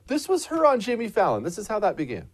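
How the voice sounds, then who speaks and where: Animated sarcastic male political host. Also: high-pitched, quick pace. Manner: sarcastic, indignant, animated delivery. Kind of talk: political commentary monologue.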